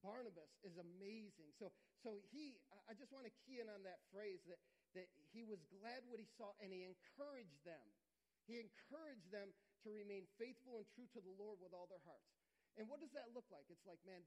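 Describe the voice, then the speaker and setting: A man's voice: sits high, lively intonation, normal speed, a little mellow, low-quality recording. A middle-aged man preaching a sermon as pastor, earnest and conversational, often restarting his phrases.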